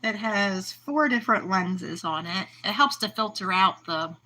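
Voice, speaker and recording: Bright-voiced woman chatting on a livestream. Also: mid-range voice, lively intonation, measured pace, rough recording. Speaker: co-host of an aquarium livestream. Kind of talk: casual chat.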